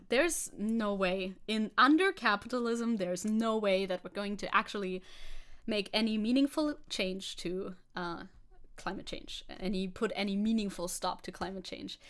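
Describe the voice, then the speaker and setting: A woman's voice: mid-range voice, measured pace. A woman streamer giving casual, sarcastic commentary, laughing often and swearing. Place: hot room at home.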